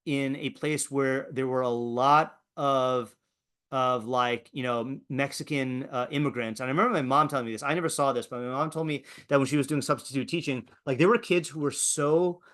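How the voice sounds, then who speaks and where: A man's voice: medium pitch, moderate pace, fairly bright tone. A man teaching a class as a rabbi, talking in a conversational way with many fillers and restarts. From Eastern Washington, USA. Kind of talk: casual lecture.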